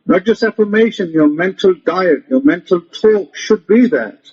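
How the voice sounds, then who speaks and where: A man's voice: sits high, animated, moderate pace, a little mellow, slightly rough. A man giving a motivational religious lecture, emphatic and repetitive, often commanding his listeners. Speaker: rabbi teaching a lecture. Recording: muffled lo-fi audio.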